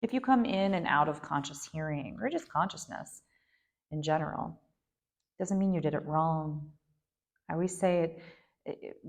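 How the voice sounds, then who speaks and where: A woman guiding a yoga nidra meditation in a gentle, unhurried way, with soft asides and frequent fillers. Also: deep voice, creaky. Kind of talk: guided meditation instruction.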